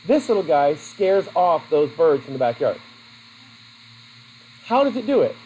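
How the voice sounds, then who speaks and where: A man's voice: fairly high pitch, very animated, a little slow, darkish tone, slight background noise, poor audio. A man teaching a class in a classroom, chatty and asking his students questions. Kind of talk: classroom lesson.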